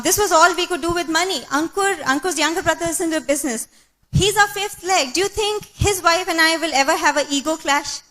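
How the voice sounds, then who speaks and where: Woman, high bright voice, earnest motivational talk, frequent fillers. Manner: earnest, many "okay" and "um" fillers. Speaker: speaker at a business meeting.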